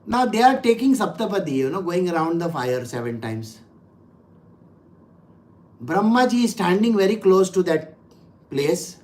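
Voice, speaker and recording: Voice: medium pitch, sing-song, unhurried, pauses often, darkish tone. A spiritual teacher talks through scripture in a loose, conversational way. The teacher weaves in stories, chuckles along, and keeps throwing rhetorical questions at the listeners. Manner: laughs while telling anecdotes. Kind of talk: conversational scripture talk with storytelling.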